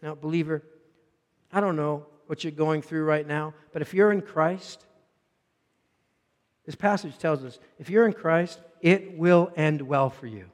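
Preacher guy, high voice, big echoey church hall, goes loud then drops real quiet. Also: measured pace. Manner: swings from raised emphatic lines to quiet low asides. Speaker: pastor. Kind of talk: sermon.

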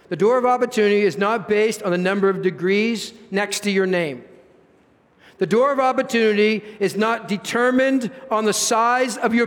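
A man's voice: high-pitched, long reverb tail. A man preaching a sermon as pastor, emphatic, repeating his points and rising into exclamations. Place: church.

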